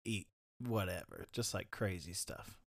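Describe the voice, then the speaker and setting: A man's voice: sits low, expressive, unhurried, vocal fry, no echo. Man, podcast co-host, casual chat, giggly storyteller, dry close sound. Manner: giggly, rambling storyteller, laughs often.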